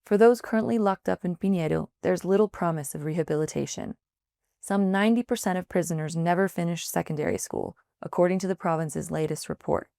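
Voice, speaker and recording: Woman reading a report, gravelly low voice. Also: dry recording, studio quality. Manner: measured, even read-aloud delivery. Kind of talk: scripted news narration.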